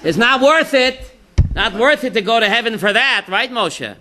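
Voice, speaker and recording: A man teaching an informal religious class as a rabbi. He tells jokes and stories and keeps asking his listeners "right?", sometimes shouting a punchline. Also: very high-pitched, lively intonation, normal speed.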